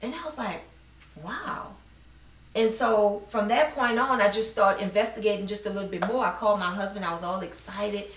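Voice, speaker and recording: A woman's voice: medium pitch, quick pace, hardly any pauses, a little hiss or hum. A middle-aged woman from New Orleans, telling her personal story in an earnest, heartfelt interview. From New Orleans, USA. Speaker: business owner interviewee. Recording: roomy sound, mic at a distance.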